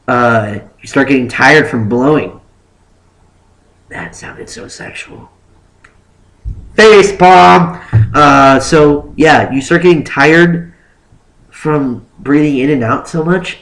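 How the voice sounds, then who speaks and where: A young man telling a story casually on his vlog, animated and rambling, with lots of "like" fillers. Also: mid-range voice, low-quality recording. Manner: acts out exaggerated quotes of himself and others. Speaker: vlogger.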